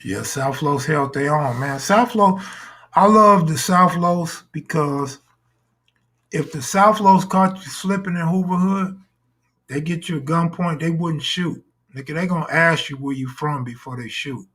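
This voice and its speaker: A man's voice: a little high, a little slow, fairly bright tone. A man hosting a live stream in casual talk, full of crude, boastful joking banter.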